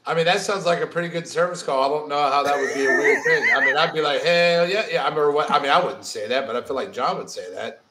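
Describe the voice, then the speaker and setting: A man's voice: on the high side, quick pace, few pauses, pushed and bright, echoey room, a little hiss or hum. A man from the Southern US co-hosting a podcast in casual, joking chat over a video call. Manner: joking, playful, laughs often. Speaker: podcast co-host.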